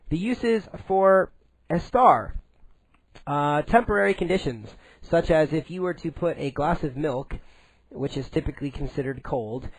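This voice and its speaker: A man teaching a recorded Spanish grammar lesson in English, explaining slowly and deliberately with frequent "uh" fillers. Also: fairly high pitch, dry recording, rough recording.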